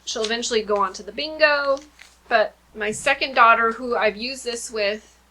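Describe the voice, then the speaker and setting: In a casual vlog chat, a homeschooling mom in her thirties rambles about the kindergarten lessons she teaches at home, using lots of fillers. Her voice is a little high and sharp, at a normal speed.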